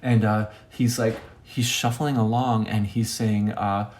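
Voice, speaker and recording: Rambling comic male storyteller. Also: measured pace. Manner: rambling, self-interrupting, lively pitch jumps. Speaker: monologue host.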